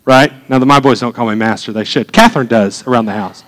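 A man's voice: mid-range voice, quick pace, fairly bright tone, a little hiss or hum, poor audio. A man preaching a conversational sermon as pastor, building to fervent emphasis.

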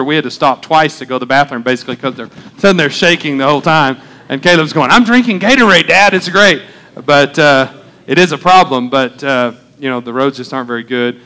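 A man from Oklahoma in his thirties, a pastor preaching a sermon in a relaxed, conversational way, with joking asides and frequent fillers and restarts. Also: mid-range voice, smooth.

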